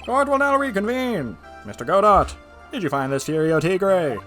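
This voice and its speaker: A man's voice: high voice, very animated, normal speed, fairly bright tone, faint music behind, voice pushed up. A man voicing a timid, easily flustered elderly male judge with a fussy manner. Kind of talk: fan voice-over of a game.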